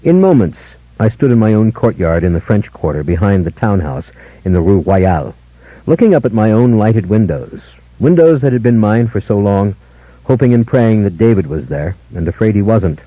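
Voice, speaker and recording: Low, dramatic male audiobook narrator. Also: animated, no echo. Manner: measured, dramatic first-person storytelling. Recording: dull lo-fi older audiobook, dry.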